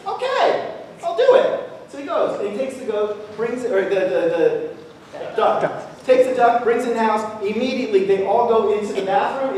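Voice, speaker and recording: A man tells a story as a lighthearted sermon, full of jokes and asides. He is recorded from across a large church sanctuary, so his voice rings with a long echo and a faint hum of the room. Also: very high voice. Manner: playful, jokey storyteller. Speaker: guest speaker at interfaith service. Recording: echoey hall from far off.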